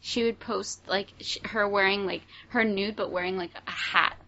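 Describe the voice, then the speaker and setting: A woman with a gravelly, creaky voice at a middling pitch co-hosts a relaxed podcast. She retells stories haltingly, stopping often on fillers. The sound is dull and lo-fi. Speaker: podcast co-host. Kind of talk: casual stoner chat.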